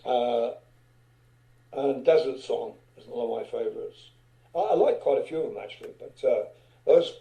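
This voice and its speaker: A man's voice: medium pitch, mellow, low-quality recording. An older man, a guest musician, telling loose anecdotes in a casual interview, swearing and chuckling as he goes.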